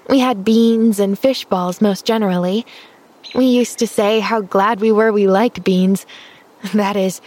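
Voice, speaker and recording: A woman reading an audiobook, voicing a cheerful, eager and polite little girl who chatters brightly. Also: medium pitch, close to an everyday voice.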